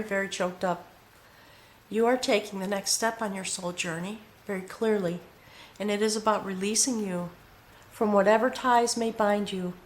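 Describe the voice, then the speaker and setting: A woman at a mid pitch gives a heartfelt tarot reading indoors. She speaks to the viewer directly and earnestly, often pausing to check in with a quick "okay?". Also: slight background noise. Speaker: tarot reader. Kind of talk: intimate spiritual tarot reading to camera.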